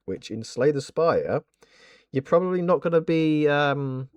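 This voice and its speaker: Animated southern English streamer. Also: male voice, a little high, measured pace, dry recording. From southern England. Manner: chatty, mock-indignant banter. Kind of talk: casual gaming livestream chat. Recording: dry close mic with faint game music.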